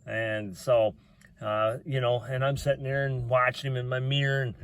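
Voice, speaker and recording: A man's voice: medium pitch, level tone, moderate pace, clean tone. A middle-aged man telling a personal story in a rambling, folksy way, with plain talk and lots of "uh" fillers.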